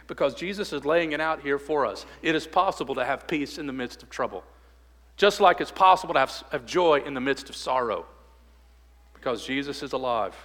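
A man preaches from the pulpit of a church sanctuary, his voice at an ordinary middle pitch. He builds to loud, urgent exhortation, then sinks low and quiet when he turns to prayer. Long reverb from the hall trails each phrase. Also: expressive, a little fast. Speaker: pastor. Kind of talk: sermon with closing prayer.

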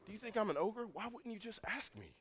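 A man preaching who puts on a higher, softer voice as an older father gently scolding his sons with incredulous questions. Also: animated, quick pace. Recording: long hall reverb.

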